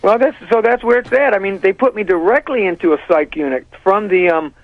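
An earnest man speaks as a guest on a radio interview, halting and restarting as he goes. His voice sits fairly high. The sound is dry and muffled, with dulled highs. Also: no echo. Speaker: guest, parent and sheriff candidate.

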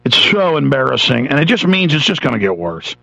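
A man's voice: medium pitch, sing-song, fairly quick, gravelly, sharp tone, dry recording. A man, hosting a radio show, delivers an angry, sarcastic political rant, sometimes mocking the voices of others. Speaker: radio host. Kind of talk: ranting political talk radio monologue. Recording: dull lo-fi radio broadcast.

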